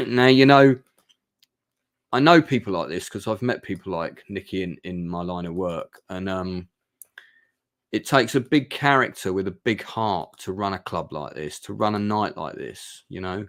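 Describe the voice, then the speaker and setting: A man's voice: deep voice, lively intonation, unhurried, gravelly, fairly bright tone. Chatty man in his fifties. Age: 50s. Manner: chatty, rambling, heartfelt storytelling. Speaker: vlogger reviewing a club night. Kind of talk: casual spoken review.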